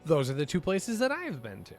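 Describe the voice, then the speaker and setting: A young man from the upper Midwest of the United States, casting an esports match with easygoing, joking chat that lifts with excitement on big plays. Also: on the high side, brisk, faint music behind. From upper Midwest, USA. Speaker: esports caster. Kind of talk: game commentary with casual chat.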